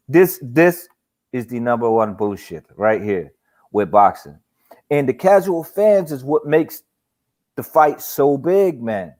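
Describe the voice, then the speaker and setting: A man hosting a casual boxing talk show, animated and profane, laughing often as he rants. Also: medium pitch. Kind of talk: casual chat.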